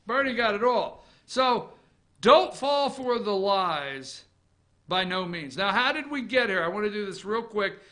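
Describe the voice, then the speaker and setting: Brief: male talk host, high-pitched sharp voice, mocking rant with profanity. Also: animated, a little slow. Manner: sarcastic, ranting, swears freely; laughs at own jokes. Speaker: political opinion show host. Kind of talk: off-the-cuff political commentary.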